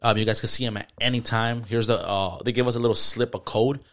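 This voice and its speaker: Fast-talking man swearing through a story. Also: medium pitch, steady tone, fairly bright tone. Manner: storytelling with heavy swearing and slang. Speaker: podcast co-host. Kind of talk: casual chat.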